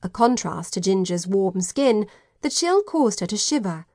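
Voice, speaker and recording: A woman narrates an audiobook in a measured, even storytelling voice. Her pitch sits in the middle range. The recording is dry and close. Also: no room sound. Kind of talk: scripted narration.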